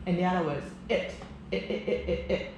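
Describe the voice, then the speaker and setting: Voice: medium pitch, fairly even intonation, fairly quick, highs cut off. A trainer explaining pronunciation drills to new teachers, emphatic and often checking whether the listener follows. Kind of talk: casual instructional chat. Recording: echoey room, faint background noise.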